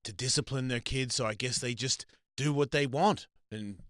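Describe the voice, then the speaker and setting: A man hosts a casual live stream, telling crude, rambling stories in a bright voice and acting out the people in them. The sound is dry, with little room echo. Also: medium pitch, moderate pace. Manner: crude, rambling storyteller with loud quoted voices. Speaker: host.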